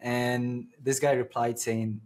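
A man who is a content creator, chatting casually as a guest in an interview and telling stories with lively energy. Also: medium pitch, slow pace. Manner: lively storyteller, speeds up when excited.

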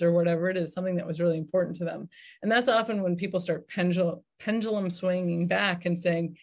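Low-voiced woman investor, thoughtful. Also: fairly even intonation, brisk. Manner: thoughtful, many fillers and restarts. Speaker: venture investor guest. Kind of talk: conversational podcast interview.

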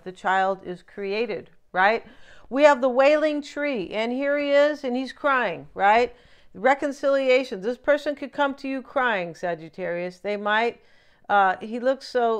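A woman's voice: a little high, clean tone. Chatty woman reading tarot cards. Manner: chatty, lively, asks "right?" often. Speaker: tarot reader.

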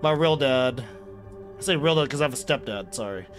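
A young man streaming a video game, rambling loudly to chat, swearing and bursting into yells. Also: medium pitch, animated, fairly quick, soft background music. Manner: loud, rambling and profane, bursts into yelling. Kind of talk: casual live-stream chat while gaming.

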